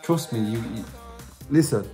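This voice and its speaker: A man with a medium-pitched, warm voice speaks at a measured pace, animated as he tells his subscribers a personal story, with faint music in the background. He's a vlogger and musician, chatting to camera in a repetitive, casual way and dropping slang asides.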